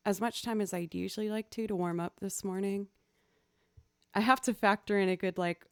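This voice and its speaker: A woman's voice: mid-range voice, darkish tone, clean tone, no echo, clean studio sound. Chatty woman streamer greeting viewers. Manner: chatty, greets viewers by name, laughs often. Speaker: streamer and musician. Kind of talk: casual live-stream chat to viewers.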